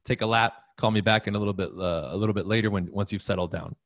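A man's voice: fairly low pitch, steady tone, quick pace, no room sound, studio quality. A man giving a casual, emphatic motivational talk to an audience, repeating key phrases and asking them questions. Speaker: motivational speaker.

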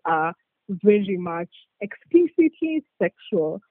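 A podcast guest talking excitedly in casual chat, full of fillers. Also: medium pitch, slow. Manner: excitable, filler-heavy, says like a lot. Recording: tinny phone-like line, dry.

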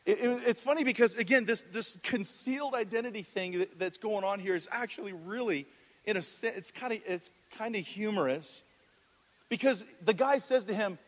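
A man's voice: high voice, normal speed. A man preaching as pastor, telling stories and quizzing the congregation, often restarting his sentences. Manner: storytelling with audience questions, frequent restarts. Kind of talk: sermon. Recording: long hall reverb.

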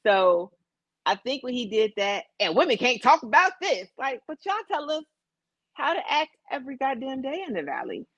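Woman co-host, wry banter, animated pitch, lo-fi recording. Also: moderate pace, no echo. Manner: wry, teasing, laughs often. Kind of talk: casual podcast banter. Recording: slightly dull lo-fi sound.

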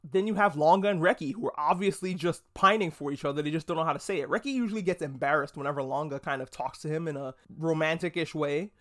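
A podcast host giving a casual, excitable pop culture review, swearing freely and restarting words. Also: medium pitch. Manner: excitable, gushing.

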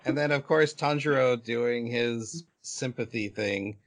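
Man, podcast co-host, casual anime chat, quick joking interjections. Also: medium pitch.

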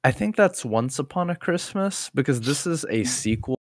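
Animated young man in casual chat. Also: mid-range voice, normal speed, dry recording, clean studio sound. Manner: animated, joking, crude humor. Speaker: podcast co-host.

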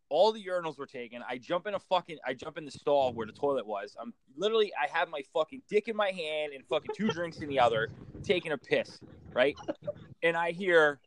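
A man's voice: a little high, expressive, fairly quick, slight background noise. A man telling rowdy stories in casual chat, swearing freely and laughing often. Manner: profane storyteller, laughs often.

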